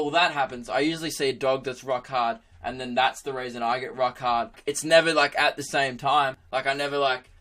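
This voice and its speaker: A young man in his twenties hosting a podcast, telling crude jokes in an animated, casual monologue with frequent laughter. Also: medium pitch. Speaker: podcast host, comedian.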